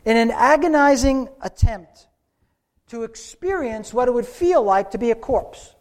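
A man preaching a sermon, telling a story with slow, dramatic pauses. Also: very high-pitched, lively intonation.

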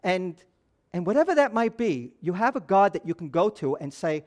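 A male pastor delivers a sermon in a high voice, chatting with the congregation and often asking "right?" and "you know". He repeats himself as he gathers his thoughts. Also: big pitch swings, moderate pace, a little mellow.

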